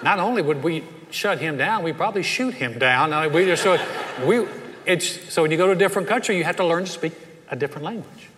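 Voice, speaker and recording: A middle-aged Southern US pastor preaches a story-filled sermon in a church sanctuary, his voice on the high side and quick. He animatedly acts out the voices of the people in his anecdotes, with long hall reverb in the recording.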